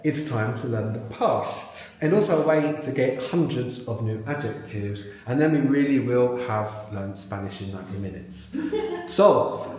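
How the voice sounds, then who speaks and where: A man leads a live language workshop in a very echoey hall, his voice bouncing around the room. He is animated, drawing words out slowly and repeating them so they sink in. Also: mid-range voice. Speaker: language teacher. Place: large echoey venue with live audience.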